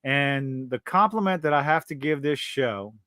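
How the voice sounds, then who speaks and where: A man's voice: medium pitch, lively intonation, normal speed, sharp tone, clean tone, dry recording, clean studio sound. A man hosting a live-stream podcast, ranting about a show with heavy swearing and exasperation. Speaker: podcast host.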